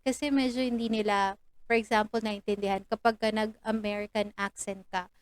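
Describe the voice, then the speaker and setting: A woman's voice: mid-range voice, little pitch movement, brisk, smooth, dry recording, rough recording. A young Filipino woman with a Filipino accent, chatting through a casual tutorial vlog, mixing English and Tagalog and acting out lesson lines. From Philippines.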